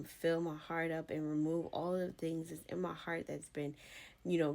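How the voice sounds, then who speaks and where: A woman hosting a casual devotional podcast, telling a story in a chatty, animated way with plenty of slang. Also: deep voice, creaky. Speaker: podcast host.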